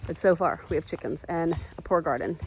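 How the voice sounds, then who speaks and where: A woman's voice: a little fast, vocal fry, a little hiss or hum. A woman, chatting casually on her home vlog about her chickens, garden and baking. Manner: chatty and animated, jumping up high when talking to animals and kids. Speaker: vlogger, mother of eight. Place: outdoors in a backyard chicken coop and kitchen.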